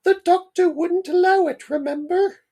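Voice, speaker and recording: Man doing a high worried mother. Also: steady tone, normal speed, warm tone. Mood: anxious. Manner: high strained falsetto. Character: worried mother of sick boy.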